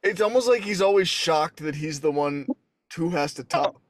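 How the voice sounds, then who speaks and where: A man's voice: fairly high pitch, animated, normal speed. A man co-hosting a podcast, joking and bantering in casual chat. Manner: joking, laughing, playful banter. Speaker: podcast co-host.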